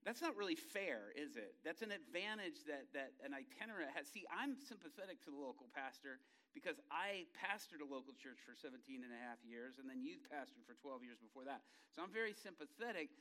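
Chatty self-mocking man preaching, bright tone. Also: a little high, lively intonation, brisk, few pauses, poor audio. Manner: chatty, self-deprecating, jokes with the crowd. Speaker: itinerant preacher. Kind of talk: casual sermon to a congregation.

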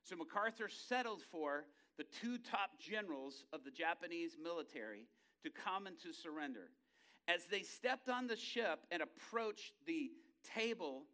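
A male preacher with a high, bright voice. He tells dramatic stories and acts out the characters' voices. He swings from hushed low passages to loud, excited bursts. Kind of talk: sermon.

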